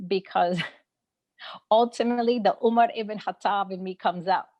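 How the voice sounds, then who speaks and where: This woman from New York City has a Brooklyn accent, a medium-pitched voice and a measured pace. She's the guest in a casual video-call conversation online, speaking frankly and animatedly, laughing often and using lots of fillers.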